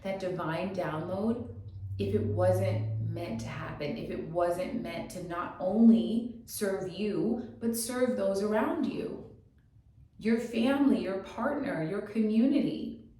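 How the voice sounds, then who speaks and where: Slow and warm, with a medium pitch, a woman who coaches motivation delivers an encouraging lesson packed with rhetorical questions. She keeps checking in by asking "okay?", and the distant mic picks her up in a very echoey room.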